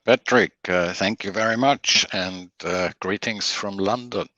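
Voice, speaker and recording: A man's voice: low voice, unhurried, sharp tone, dry recording, muffled recording. A Swiss man in his sixties with a Swiss German accent, answering interview questions hesitantly with frequent fillers. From Switzerland. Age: 60s. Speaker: guest.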